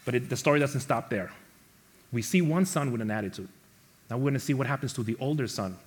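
A man preaching a sermon to his congregation, animated, acting out the quoted characters and rising to loud emphasis. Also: mid-range voice, quick pace, slight background noise. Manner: speaks to the congregation as church family. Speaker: pastor.

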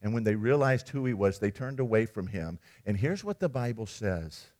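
A man preaching a sermon, retelling a scripture story in a conversational, animated way. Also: lowish voice, moderate pace.

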